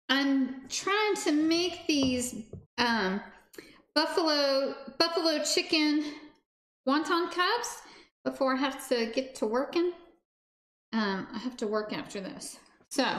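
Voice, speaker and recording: A woman's voice: high-pitched, fairly bright tone. A woman hosting a casual cooking livestream, chatting with viewers while she cooks. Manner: bubbly, talks to chat viewers while cooking. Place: home kitchen. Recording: echoey kitchen, faint background noise.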